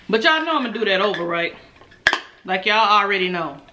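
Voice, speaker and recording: A woman's voice: medium pitch, expressive, measured pace, noisy background. A young woman, chatting casually and laughing as she eats for a mukbang video. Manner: chatty, laughs often, addresses viewers as y'all. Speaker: mukbang vlogger. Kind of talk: casual chat while eating.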